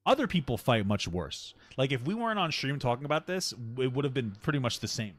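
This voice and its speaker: A man's voice: medium pitch, very animated, quick pace, no room sound. A middle-aged man talking casually on a live stream, blunt and joking, swearing freely. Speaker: streamer and guest.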